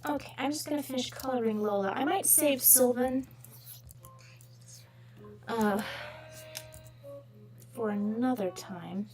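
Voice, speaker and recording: A woman's voice: a little high, slow, long pauses, over music. A woman hosting a drawing livestream, chatting casually and rambling, sometimes dropping into whispers. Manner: rambling, self-mocking, trails into whispers. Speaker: livestream host drawing requests.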